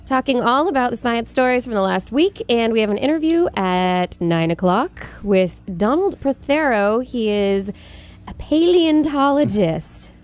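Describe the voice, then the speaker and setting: A woman's voice: on the high side, animated, a little slow. A woman co-hosting a college radio science talk show, bantering and laughing often. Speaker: co-host.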